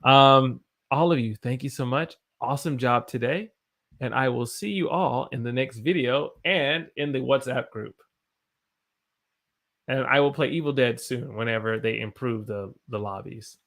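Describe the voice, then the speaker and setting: A man's voice: mid-range voice, normal speed, fairly bright tone. A man with an American accent teaching English on a live stream, reading viewer comments aloud and exclaiming about quirks of the language.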